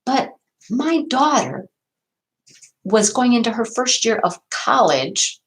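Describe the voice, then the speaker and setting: A woman's voice: fairly high pitch, big pitch swings, slow, low-quality recording. A middle-aged woman hosting a casual livestream, rambling and chatty as she answers viewer comments. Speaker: livestream host.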